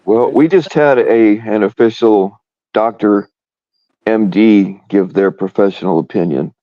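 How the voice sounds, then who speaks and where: A man co-hosting a live stream, joking in casual banter with halting restarts. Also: on the low side, no echo, muffled recording.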